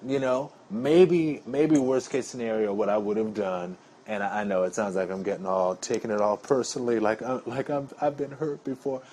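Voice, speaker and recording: A man chats away to his audience in a loose, rambling monologue, addressing them as y'all. His voice sits on the lower side, with faint background noise behind it. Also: steady tone, moderate pace, hardly any pauses, warm tone. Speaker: vlogger. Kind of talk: casual talking-to-camera monologue.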